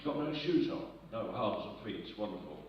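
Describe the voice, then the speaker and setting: A man's voice: on the low side, big pitch swings, fairly quick, a little hiss or hum. A man telling jokes to a live audience, rambling, losing his place and chuckling at his own punchlines. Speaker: comedian. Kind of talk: live stand-up joke telling. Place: live arts centre stage with audience. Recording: echoey, muffled hall recording from far off.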